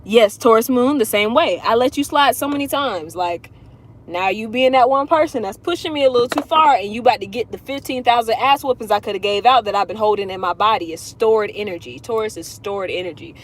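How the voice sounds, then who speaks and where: A woman astrology reader chatting casually on a livestream from inside her car, blunt and profane, telling things with animated emphasis. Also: a little high, a little fast, a little hiss or hum.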